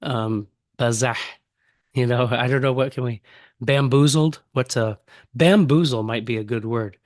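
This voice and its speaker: A man's voice: mid-range voice, a little slow, a little mellow, dry recording, studio quality. A male professor teaching a Bible study, reading a passage aloud and then explaining a word in a casual way, thinking aloud as he searches for the right term.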